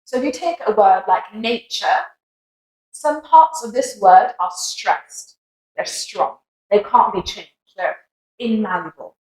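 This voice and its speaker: A woman's voice: medium pitch, a little mellow. British woman teaching pronunciation, echoey room. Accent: British English. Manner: patient, repeats words slowly for practice. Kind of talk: pronunciation lesson.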